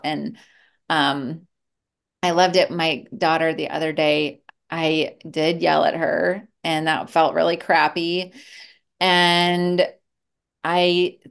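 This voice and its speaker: Middle-aged woman guest, low gravelly voice, candid and reflective. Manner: candid and reflective, with many restarts. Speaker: guest, therapist and mother. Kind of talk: casual conversational interview.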